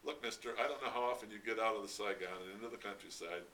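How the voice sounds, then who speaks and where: A man voicing a gruff older American construction engineer who speaks bluntly and swears impatiently, read from a distance with faint noise. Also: fairly low pitch, fast talker, pushed and bright.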